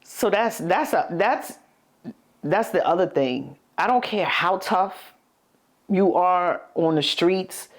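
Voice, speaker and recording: Middle-aged New woman, earnest podcast co-host, lowish pitch. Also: slow. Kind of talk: casual chat.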